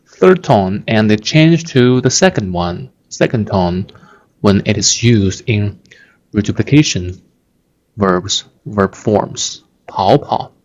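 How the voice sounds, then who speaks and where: Slow-talking guy with teaching a lesson, lowish voice, kinda muffled audio. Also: expressive, a little mellow. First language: Chinese. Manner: patient, repeats words slowly for learners. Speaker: Chinese teacher. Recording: dull lo-fi sound.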